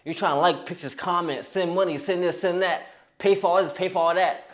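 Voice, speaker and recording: A man's voice: sits high, fairly even intonation, brisk, a bit bright. A young man giving a blunt, profane motivational talk as a fitness coach, often restarting his sentences. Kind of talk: motivational monologue.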